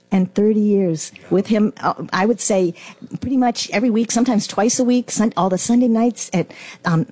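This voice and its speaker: A middle-aged woman giving a lively personal testimony, acting out her own past reactions as she tells it. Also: fairly high pitch, husky, dry recording. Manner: animated storyteller, acts out her past self. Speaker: guest.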